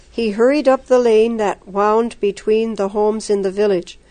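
A woman reading a story aloud as narrator, steady and expressive. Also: mid-range voice, moderate pace, dry recording.

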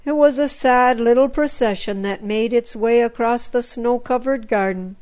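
A woman narrating a children's story in a gentle, measured way. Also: fairly high pitch, poor audio.

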